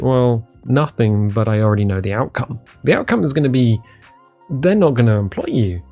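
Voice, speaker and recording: A man's voice: mid-range voice, darkish tone. A man with an English accent talking casually to camera in a vlog from his living room, rambling and self-deprecating with many ums and restarts. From England. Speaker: vlogger.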